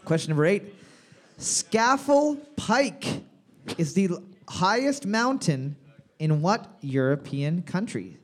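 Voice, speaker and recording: A man's voice: on the high side, lively intonation, normal speed. A man hosting a casual trivia game, reading questions and cracking crude jokes. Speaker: trivia host.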